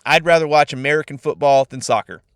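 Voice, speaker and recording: Brief: young man from California, slightly higher voice, dry close podcast sound, swears freely while chatting. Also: quick pace, smooth, no echo. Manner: profane, laid-back and animated. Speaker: podcast host. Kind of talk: casual solo podcast monologue.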